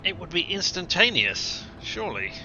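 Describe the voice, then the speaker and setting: A man's voice: high voice, sing-song, normal speed, sharp tone, muffled recording, faint music behind. A man streaming a game, making wry, joking comments and reading choices aloud.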